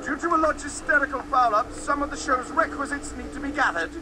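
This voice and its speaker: A man's voice: very high voice, fairly quick. A man voicing a pompous, grandiose male theatre impresario in video game dialogue, speaking in florid, tangled words. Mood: grandiloquent. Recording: game audio under loud noise.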